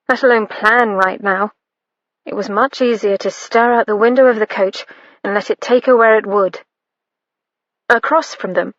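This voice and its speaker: A woman reading an audiobook in a measured, even storytelling manner. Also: mid-range voice, no room sound, highs cut off. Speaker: audiobook narrator. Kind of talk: scripted narration.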